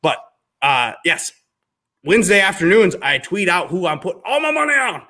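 A man's voice: sits high, normal speed. A man in his thirties from Minnesota with a Minnesota accent, chatting casually on a podcast and telling stories with exaggerated outbursts. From Minnesota, US Midwest. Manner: animated storyteller, jumps into exaggerated outbursts. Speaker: podcast guest, realtor.

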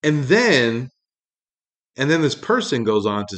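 Man, mid-pitch voice, rambling profane rant, lots of fillers and swearing. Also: sing-song, measured pace, long pauses, a bit bright. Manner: rambling, heavy swearing, many fillers, pitch jumps when angry. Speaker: podcast host. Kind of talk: profane ranting monologue.

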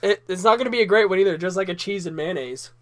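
A man's voice: high voice, quick pace, a bit bright. A man in casual joking chat with a friend, crude and teasing, laughing often.

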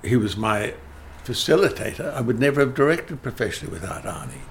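A man's voice: medium pitch, lively intonation, fast talker, slight background noise. An older man, a theatre director telling emphatic anecdotes in an interview, often restarting his sentences. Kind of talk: interview conversation.

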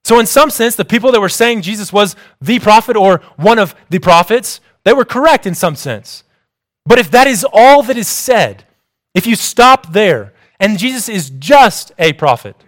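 A young man delivering a sermon, reading in a measured, explanatory way. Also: high voice, lively intonation, a bit bright. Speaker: preacher.

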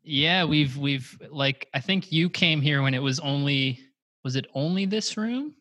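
A man's voice: fairly high pitch, a little slow, sharp tone, dry recording. A man co-hosting a podcast from his office, chatting casually and laughing as he rambles through his stories. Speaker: podcast co-host. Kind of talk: casual chat. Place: office with arched windows.

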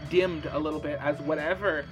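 A man's voice: a little high, steady tone, a little fast, music in the background. A man narrating as game master in a casual, filler-heavy way. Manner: casual, many fillers, describes scenes.

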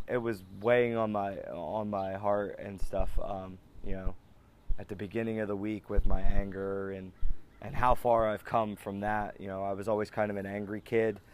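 A man in his thirties hosting a podcast, talking in a rambling, halting way with many restarts and fillers. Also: on the low side, a little hiss or hum. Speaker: podcast host. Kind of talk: casual personal monologue.

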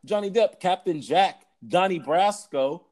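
A young man co-hosting a casual comedy podcast, telling animated stories and acting out the people in them. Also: sits high, measured pace, a crowd in the background. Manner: animated storyteller, acts out voices in anecdotes. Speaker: podcast co-host.

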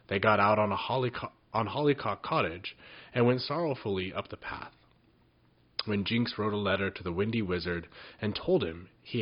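A man reading a children's story aloud in a gentle way, with small slips and restarts. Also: lowish voice. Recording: dull lo-fi recording.

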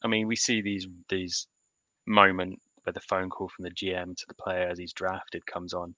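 A podcast co-host talks football picks in a casual, animated sports chat, often starting his sentences over. His voice is low-pitched and sharp with a completely flat delivery at a moderate pace; the recording is dry with the highs cut off.

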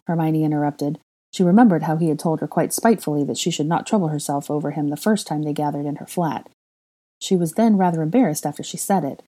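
A woman's voice: deep voice, fairly even intonation, quick pace, mellow. A woman reading fan fiction aloud as a storyteller, voicing every character herself. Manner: reads all the character voices herself. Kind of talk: audiobook narration of fan fiction.

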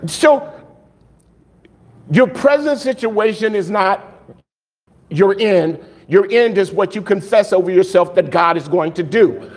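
High-voiced man preaching with animated fervor. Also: measured pace, long pauses. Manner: animated preaching, asks rhetorical questions and answers them; jokes and laughs between points. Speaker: pastor. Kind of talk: sermon.

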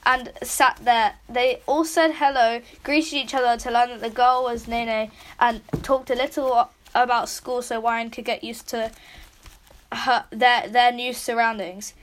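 A woman's voice: fairly high pitch, steady tone, a little slow. Giggly British young woman reading aloud. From Britain. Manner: giggly, reads aloud with asides and swearing. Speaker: reader of a fan story. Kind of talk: casual reaction reading.

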